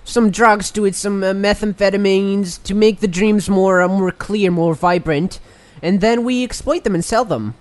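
A man doing an improvised voice of a quirky, scheming entrepreneur pitching investors, in a high squeaky tone that keeps drifting, with a lisp at times. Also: normal speed, lightly acted. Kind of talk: improvised comedy bit.

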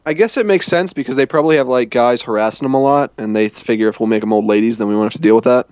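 A man's voice: medium pitch, racing, darkish tone, smooth, no echo. Man rambling through a travel story. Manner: rambling, self-correcting storytelling. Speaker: storyteller in a chat. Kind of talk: casual chat.

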